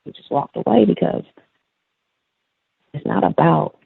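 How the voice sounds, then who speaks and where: Husky gravelly man on a phone line. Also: high voice, dry recording. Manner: rambling, halting with many fillers. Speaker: caller, school aide. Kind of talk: casual storytelling. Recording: dry, tinny phone line.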